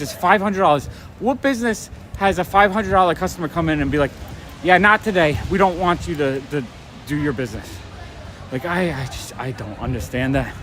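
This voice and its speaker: A man's voice: high-pitched, a bit bright. A man chatting casually while walking and live-streaming, talking in a rambling way and getting a little out of breath. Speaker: comic shop owner vlogger. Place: outdoors on a rainy city street at night. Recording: faint street and traffic noise.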